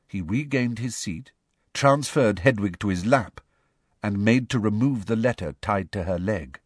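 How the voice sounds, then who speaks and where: A man narrating a storybook in an expressive storytelling manner. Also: lowish voice, unhurried, dry recording, studio quality. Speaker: audiobook narrator. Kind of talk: scripted narration.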